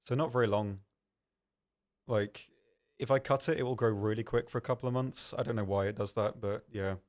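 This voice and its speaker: Young male stream host, lowish pitch, casual chat, reads chat questions and rambles through answers with self-mocking asides. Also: brisk. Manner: chatty and self-deprecating, reads viewer questions aloud and answers with frequent ums.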